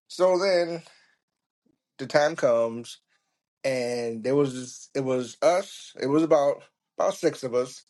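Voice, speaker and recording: A man's voice: mid-range voice, moderate pace. Profane man telling a story. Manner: profane, laughing, lively. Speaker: podcast host. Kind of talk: casual storytelling.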